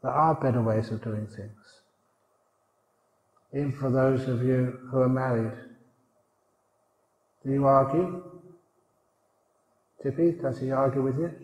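A man gives a humorous sermon, chuckling and putting questions to his listeners. He speaks unhurriedly at a middle pitch. A long reverb hangs in the large hall. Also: unhurried, long pauses, a little mellow. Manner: jokey, chuckling, asks the audience questions. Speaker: monk teacher.

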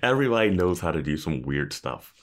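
A man with a very deep voice chats casually as a podcast co-host. His pitch rises and falls freely as he chimes in with quick remarks. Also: very animated. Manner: short agreements and interjections. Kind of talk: casual chat.

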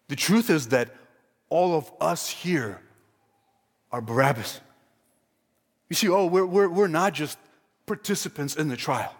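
A man preaching a sermon with passion, pressing rhetorical questions and repeating his points, swinging between hushed and loud emphatic delivery in a church sanctuary. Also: on the high side, breathy edge. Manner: impassioned, with rhetorical questions and repetition. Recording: long reverb of a large hall.

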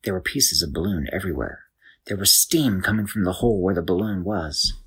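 A man narrating an improvised bedtime story in a loose, animated way, with restarts. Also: low-pitched, fairly quick, husky.

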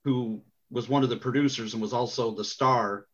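A man's voice: mid-range voice, steady tone, normal speed, a bit bright. A man co-hosting a podcast, wryly adding movie trivia in casual chat. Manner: wry, adds trivia. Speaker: podcast co-host. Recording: dull lo-fi sound.

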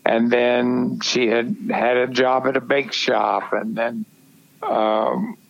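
An older man, an actor guest, talking in a halting way and searching for his words in a casual interview. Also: medium pitch, vocal fry. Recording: dull lo-fi audio.

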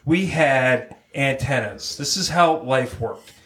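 A man's voice: mid-range voice, slow pace, fairly bright tone. A man in casual banter, reminiscing with jokes and crude asides. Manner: joking, rambling, crude asides.

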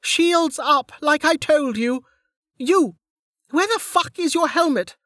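Guy doing a high shouty fighter woman barking orders, audiobook, dry sound. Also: slow, dry recording, full character voice. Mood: shouting orders. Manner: shouting, commanding.

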